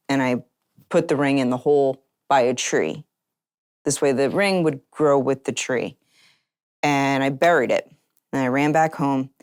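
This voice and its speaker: Very deep-voiced woman telling a personal story. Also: a little mellow, smooth. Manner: chatty, heavy use of "like" fillers. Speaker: interviewee.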